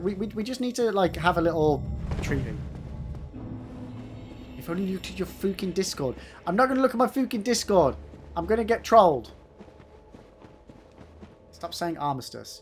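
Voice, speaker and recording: A young man streaming a game live, swearing freely and bantering with his chat between fights. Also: on the high side. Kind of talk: casual live commentary while playing and reading chat.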